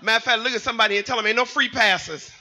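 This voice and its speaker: Male pastor, very high and piercing voice, fervent call-and-response preaching. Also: racing. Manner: fervent, rising to shouts, sing-song phrases. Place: church sanctuary.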